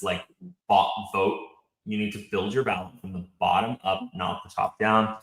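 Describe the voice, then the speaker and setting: An animated, opinionated man from North Carolina, speaking as a podcast guest. His voice is a bit low. The room adds a noticeable echo. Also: moderate pace. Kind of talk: casual political chat.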